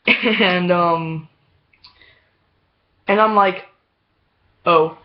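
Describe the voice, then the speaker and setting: A man's voice: high-pitched, level tone, slow, long pauses, a little hiss or hum. A man telling a story in a casual vlog, rambling with many fillers and restarts and laughing often. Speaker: vlogger. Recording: dull lo-fi home video audio.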